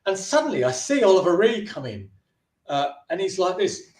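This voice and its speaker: A filmmaker being interviewed tells a long, casual anecdote in a high-pitched, slightly mellow voice with big pitch swings, at normal speed in a reverberant space. He's chatty, often restarting sentences and briefly putting on voices for the people in his story.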